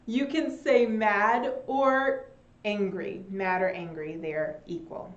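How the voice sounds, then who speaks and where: Young woman English teacher, slow and animated delivery, echoey home room. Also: medium pitch, dull audio. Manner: slow and animated, with Spanish glosses. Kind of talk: online English lesson.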